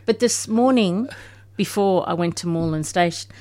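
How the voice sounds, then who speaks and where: An Australian woman with a somewhat low voice chats on the radio as a guest. She talks in loose, rambling runs and circles back to finish her thoughts. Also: normal speed, darkish tone. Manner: chatty, rambling. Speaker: guest, local campaigner. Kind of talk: casual radio chat.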